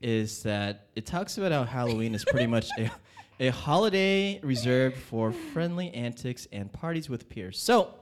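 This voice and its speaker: A man's voice: mid-range voice, big pitch swings, moderate pace, hardly any pauses, a little hiss or hum. A young man co-hosting a casual podcast chat, teasing and laughing often. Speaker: podcast co-host.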